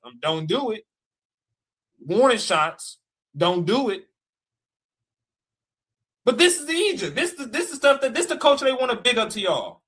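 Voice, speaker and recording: A man's voice: very high-pitched, sing-song, measured pace, pauses often, a bit bright, husky. A man in a heated livestream rant, mocking and challenging, repeating his dares. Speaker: live stream guest debater. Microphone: live stream call mic.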